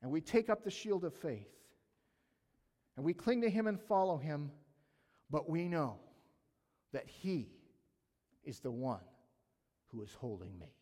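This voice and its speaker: A man preaching a sermon, telling a personal story with animated delivery and acting out his own panic. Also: a little high, unhurried, pauses often. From Canada. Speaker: pastor. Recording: long hall reverb.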